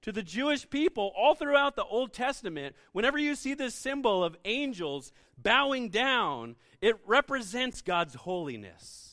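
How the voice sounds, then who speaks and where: Young male pastor, high-pitched, casual and lively delivery to a congregation. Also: moderate pace, hardly any pauses. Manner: lively, conversational, asks the audience questions. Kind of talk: sermon.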